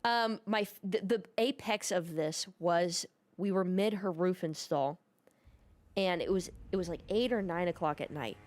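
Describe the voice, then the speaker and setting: A woman's voice: lowish voice, a little slow, darkish tone. A woman telling a long story while she plays a game, drifting off topic as she goes. Her delivery is casual and sarcastic, with plenty of swearing. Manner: profane, rambling, sarcastic. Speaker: gaming video creator. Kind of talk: casual storytelling over gameplay.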